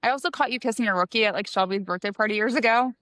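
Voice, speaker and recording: A woman co-hosting a casual book podcast, chatting with quick asides. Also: fairly high pitch, a bit bright, no room sound. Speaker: podcast co-host.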